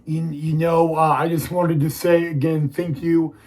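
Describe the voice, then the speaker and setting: Man, young adult, slow halting vlog talk, emotional, lightly raised pitch. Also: little pitch movement, darkish tone, low-quality recording. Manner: halting, many restarts and "you know". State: emotional, near tears. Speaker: wrestling video host. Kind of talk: casual vlog talk to viewers.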